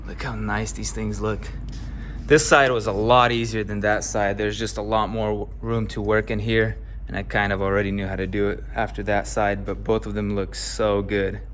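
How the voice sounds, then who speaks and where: A man's voice: on the low side, flat delivery, normal speed, a bit bright, slight background noise. A man casually narrating his car rebuild as he works, keen and explaining each step in a garage. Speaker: car build vlogger. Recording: background music playing.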